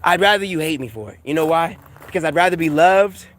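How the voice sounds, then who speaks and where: A man ranting casually in a vlog, animated and profane, laughing often and repeating himself. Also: a little high, fast talker. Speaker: vlogger. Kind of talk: casual rant to camera.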